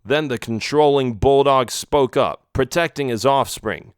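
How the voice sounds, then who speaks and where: A man narrating a first-person children's adventure story in an expressive storybook style. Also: mid-range voice, unhurried, clear, resonant tone, dry recording, clean studio sound. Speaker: audiobook narrator.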